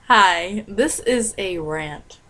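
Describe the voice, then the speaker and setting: Young adult woman vlogger, conversational rant, laughs through it, slow easy delivery. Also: mid-range voice, sharp tone. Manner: chatty, laughs often, many fillers. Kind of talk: casual rant to camera.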